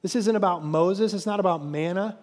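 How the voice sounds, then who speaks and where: A pastor preaching a sermon, telling the story with animated crowd voices. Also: male voice, sits high, moderate pace, in a large hall.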